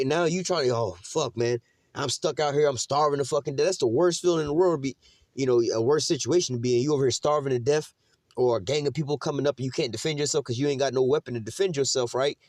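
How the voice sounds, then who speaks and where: A man's voice: mid-range voice, darkish tone, no echo. A man preaching on scripture in a loose, profane, slangy rant, tossing "man" into nearly every sentence. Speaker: Bible teacher. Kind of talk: casual street preaching.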